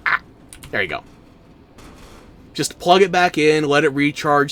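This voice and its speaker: A man's voice: fairly high pitch, expressive, unhurried, a bit bright. A man streaming a game, giving casual commentary in a wry, sarcastic way and bantering with chat.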